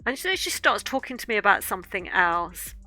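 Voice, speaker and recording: Very bright-voiced chatty woman. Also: mid-range voice, big pitch swings, fairly quick. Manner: chatty, rambling anecdote with fillers and restarts. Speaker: art streamer. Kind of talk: casual storytelling while drawing.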